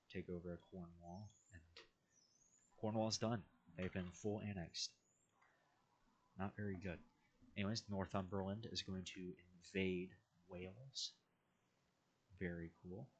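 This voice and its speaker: A man's voice: deep voice, fairly bright tone, breathy edge. A man casually narrating an alternate history map timeline, rambling with wry asides and self-corrections.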